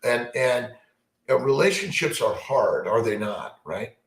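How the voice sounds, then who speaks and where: A man's voice: mid-range voice, big pitch swings, unhurried, roomy sound, poor audio. A man answering viewer questions as a fertility doctor in a rambling, upbeat live chat, repeating himself and restarting often. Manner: upbeat, repetitive, motivational, many fillers and restarts.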